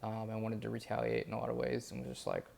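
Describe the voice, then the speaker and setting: A man's voice: medium pitch, monotone, quick pace, gravelly, darkish tone, a little hiss or hum. A young man talking through his day in a casual vlog, rambling and candid with lots of fillers. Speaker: vlogger documenting his days.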